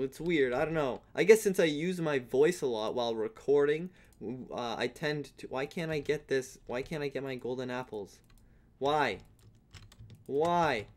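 A young man giving casual, rambling commentary on his own gameplay, now and then breaking into playful yelling. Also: a little high. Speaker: gaming YouTuber.

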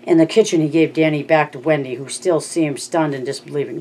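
An amateur audiobook narrator reads a novel aloud in a middling pitch, now and then stumbling and restarting a word. Faint background noise runs under the reading. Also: steady tone, fairly quick, dark tone, rough recording. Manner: reads with frequent slips and restarts.

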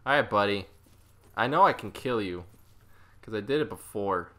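Hosting a let's play, a man offers casual, excitable, self-mocking commentary and often talks to the enemy on screen. His voice is on the low side at a normal speed.

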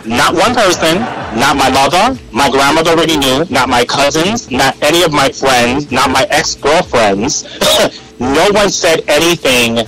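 A man guest telling animated stories in a casual interview, acting out what people said. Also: a little high, measured pace, poor audio. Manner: animated, acts out quoted voices, frequent restarts. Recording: radio interview with loud music and crowd behind.

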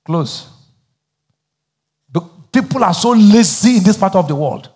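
A man's voice: high-pitched, lively intonation, unhurried, darkish tone, in a large hall. A Nigerian man preaching a sermon as pastor, asking the crowd to finish his lines in call-and-response. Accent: Nigerian English.

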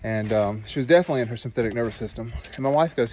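A man who works as a nurse and teaches meditation, telling a personal story outdoors in an earnest, animated way that turns soft and slow when he guides a meditation. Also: mid-range voice, a little hiss or hum, low-quality recording. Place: outdoors in a dry canyon.

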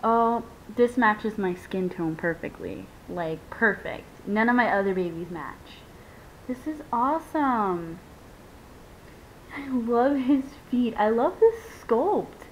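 A young woman vlogger unboxes a reborn doll, speaking slowly yet animatedly to her viewers in a casual chat. She gushes, squeals and laughs often. The home video is dull and lo-fi, with a faint rumble.

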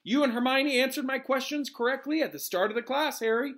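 A man reading aloud and voicing an encouraging adult male wizard teacher, loud and commanding. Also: high voice, very animated, moderate pace, pitched above the performer's own voice, exaggerated voice. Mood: pleased.

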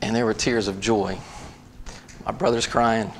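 A man's voice: lowish voice, steady tone, measured pace, slight background noise. A man preaching in a church, telling a family story and then reading scripture aloud with rising emphasis. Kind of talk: sermon.

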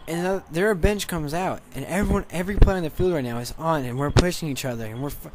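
A man telling a story in a casual, excited, rambling way over gameplay, restarting his sentences often. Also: fairly high pitch, fast talker, background noise. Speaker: gaming channel commentator.

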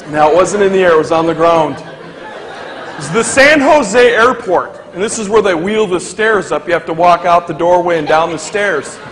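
A man's voice: high voice, moderate pace. A young man, a motivational speaker, telling a comic story to a live audience and acting out the people in it. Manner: animated, acts out the people in his story. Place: large hall with a live audience. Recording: echoey hall with crowd laughter and noise.

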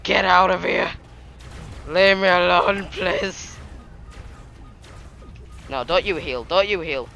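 High, bright, trash-talking gamer guy. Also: slow pace, vocal fry, long pauses, lo-fi sound, faint music behind. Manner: excitable, trash-talking, laughs often. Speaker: gaming YouTuber. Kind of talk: live gameplay commentary.

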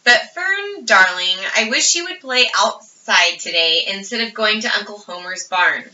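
A woman's voice: medium pitch, lively intonation, measured pace. Woman reading as a stern farm mother. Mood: coaxing. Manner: sternly scolding, then soft and vague. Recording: roomy, distant, dull audio.

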